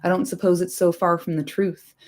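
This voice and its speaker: A woman voicing a loyal, protective male servant who speaks roughly and earnestly in a storybook reading. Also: lowish voice, flat delivery, brisk, darkish tone, natural voice. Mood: gruff.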